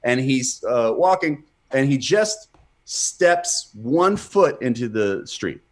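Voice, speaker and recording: Speaking slowly in a mid-range, sing-song voice, a man co-hosts a podcast over a streamed mic, spinning rambling, profane stories with plenty of fillers and restarts.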